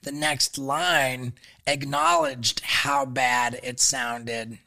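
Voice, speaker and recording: Podcast guest, man, bright edgy voice, halting and full of fillers, profane storyteller. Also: mid-range voice, fairly even intonation. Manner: halting, stacks fillers and restarts; swears freely. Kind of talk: casual storytelling.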